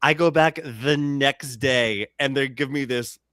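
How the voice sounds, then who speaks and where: A man's voice: medium pitch, a little slow, fairly bright tone, clean tone, no room sound, clean studio sound. A man hosting a comedy podcast, telling stories animatedly, acting out quotes and laughing often. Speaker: podcast host. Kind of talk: casual comedy podcast chat.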